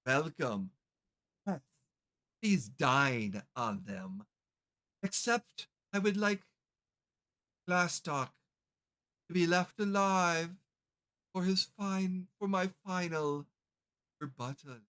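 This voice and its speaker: A game master voicing a gloating undead male lich villain who delivers a slow, drawn-out, menacing monologue in a tabletop game. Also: mid-range voice, fairly bright tone, clean tone.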